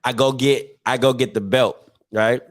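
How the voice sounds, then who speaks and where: A man in his thirties hosting a casual talk show, telling family stories with animated voices and frequent laughter. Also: medium pitch, measured pace. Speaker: podcast host. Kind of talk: casual storytelling.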